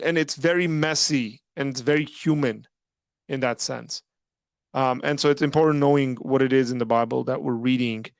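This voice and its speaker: Gravelly-voiced man hosting a call-in stream. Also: mid-range voice, no room sound, studio quality. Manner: rambling, filler-heavy, frequent "like" and "right?". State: losing his voice after hours of streaming. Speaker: host of a live call-in stream. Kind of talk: casual livestream talk.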